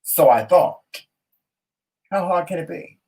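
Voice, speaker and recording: A man's voice: a little high, takes it slowly, recorded from a distance. A man, co-hosting a casual talk show and telling a story dramatically, cursing freely. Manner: dramatic, animated storyteller who curses freely. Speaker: co-host.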